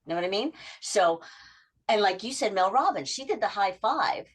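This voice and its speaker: A middle-aged woman habit coach in a podcast interview, telling client stories and acting out their quotes in lively voice shifts. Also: mid-range voice, normal speed, breathy edge.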